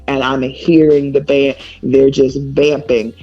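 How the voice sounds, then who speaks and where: A woman musician spins a lively tour story in a relaxed interview. She laughs often and slips into acting out what everyone said. The sound is a little dull, with soft music in the background. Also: a bass voice, slow pace. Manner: animated, laughs often, acts out others' lines. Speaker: musician guest.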